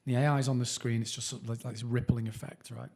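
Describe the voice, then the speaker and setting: A man's voice: medium pitch, flat delivery, quick pace, darkish tone. A middle-aged man co-hosting a podcast, telling stories in casual chat, laughing often and swearing now and then. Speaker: podcast co-host.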